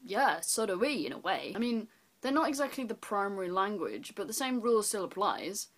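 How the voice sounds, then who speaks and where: A woman's voice: very animated, brisk. Sweary, sarcastic English woman lecturing. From England. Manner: blunt, sweary, mock-lecturing; jumps between high exclaims and low muttered asides. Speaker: vlogger. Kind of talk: sarcastic explainer rant.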